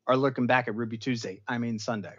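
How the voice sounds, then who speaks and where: Brief: male show host recapping an episode with dramatic flair, average pitch, muffled lo-fi audio. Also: fast. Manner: animated storytelling with dramatic emphasis and asides. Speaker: pop culture show host. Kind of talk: casual episode recap and review.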